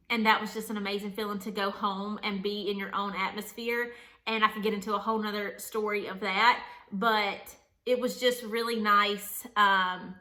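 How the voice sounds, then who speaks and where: A young woman in her late twenties telling a personal story to camera in a chatty, candid, animated way, laughing often. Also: mid-range voice. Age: young adult. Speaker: vlogger.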